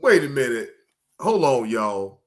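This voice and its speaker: A man hosting a livestream, giving casual reaction commentary in an animated, repetitive, teasing way. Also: medium pitch, a little slow. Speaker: livestream host.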